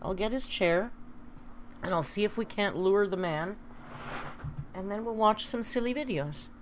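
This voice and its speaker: A woman's voice: mid-range voice, a little slow, background noise. A woman chatting casually on a live stream, reading viewer comments aloud and laughing often.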